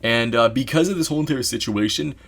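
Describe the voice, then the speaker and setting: A man telling a story in a casual vlog, rambling and excitable, packing his talk with "you know" asides. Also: medium pitch, fast talker, creaky, breathy edge.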